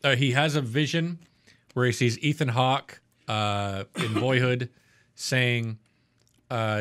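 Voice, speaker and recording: A man's voice: mid-range voice, fairly even intonation, slow, pauses often, fairly bright tone. A man co-hosting a podcast, casually reviewing a TV episode in a blunt, profane, rambling way. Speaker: podcast co-host.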